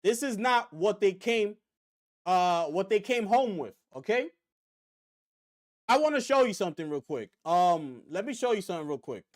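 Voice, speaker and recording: Man streaming gaming news, high voice, very lively pitch, repeats phrases, talks to chat. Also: normal speed. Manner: animated, repetitive, talks straight to viewers. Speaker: gaming livestream host. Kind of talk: casual livestream commentary.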